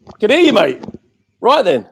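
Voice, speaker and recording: A man's voice: high-pitched, wildly swooping pitch, normal speed, gravelly, breathy edge, poor audio. A man hosting a live online chat show, jokey and matey. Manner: jokey, matey, calls the guest mate. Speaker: radio show host.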